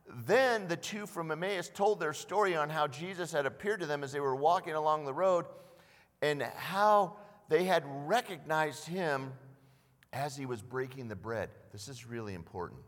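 A man preaching a sermon as pastor, telling the story with animated asides and acted-out voices. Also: fairly high pitch, moderate pace. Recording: long hall reverb.

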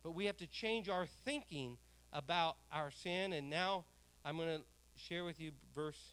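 A male pastor preaching with a high, bright, ringing voice. He throws questions out to the congregation and waits for their answers. On key phrases he slows right down and pushes them out loud. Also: clean tone. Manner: preaching with swells of loud emphasis and drawn-out words; asks the congregation questions and calls for responses. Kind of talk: sermon.

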